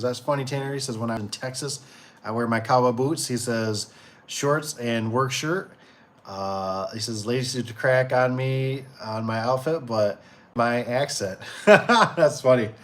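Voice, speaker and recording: This casual livestream for a door and gate business is hosted by a medium-pitched man in his forties. He easily rambles, reading viewer comments out loud, with frequent fillers and restarts.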